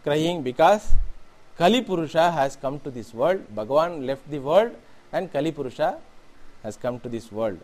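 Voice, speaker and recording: A man voicing a gentle, sorrowful mother cow in a spoken story, lamenting earnestly. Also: on the high side, lively intonation, moderate pace, natural voice.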